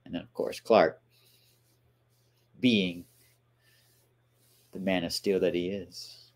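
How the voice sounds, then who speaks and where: A man's voice: low-pitched, fairly even intonation, takes it slowly, pauses often. A man hosting a movie watchalong, casually commenting on scenes, laughing often and playfully quoting the characters.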